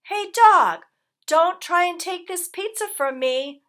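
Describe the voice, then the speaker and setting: A woman's voice: a little high, very animated, a little slow, exaggerated voice. A woman doing a prickly grumpy junkyard rat. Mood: shouting. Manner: loud, shouted taunts.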